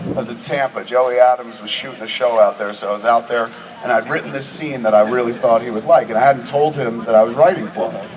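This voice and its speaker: A man's voice: mid-range voice, quick pace, few pauses. A man in his forties telling a profane, chatty anecdote to a live audience at a film screening. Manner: profane, chatty, acts out both sides of conversations. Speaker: guest speaker at a film screening. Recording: distant mic in a noisy venue.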